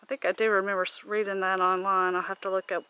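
A woman's voice: mid-range voice, flat delivery, fast, bright, forceful tone, smooth. A woman walking an outdoor park loop and chatting to her camera, pointing out sights and venting casually. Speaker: vlogger. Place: outdoors on a rural park road. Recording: faint outdoor ambience with insects.

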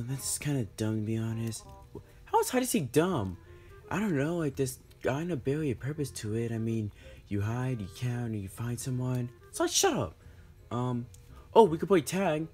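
A man's voice: mid-range voice, dark tone, slightly rough. A young man performing a casual improvised comedy skit, voicing several friends who bicker in whiny, slangy banter full of fillers.

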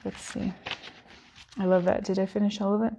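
A woman's voice: medium pitch, little pitch movement, a little fast, creaky, mellow, slight background noise. A woman giving an earnest, emotional devotional talk at a church service, at times close to tears. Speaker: worship speaker.

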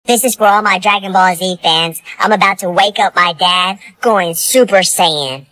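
A text-to-speech woman's voice reading a child's lines in comedy skits, flat and synthetic. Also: medium pitch, moderate pace, no echo.

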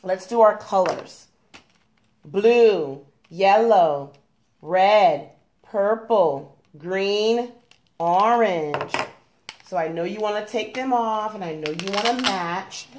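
A woman's voice: mid-range voice, slow pace, a little mellow, a little hiss or hum. A young woman at home teaching her toddler colors and letters, patient and coaxing, with plenty of praise. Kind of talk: gentle toddler lesson at home.

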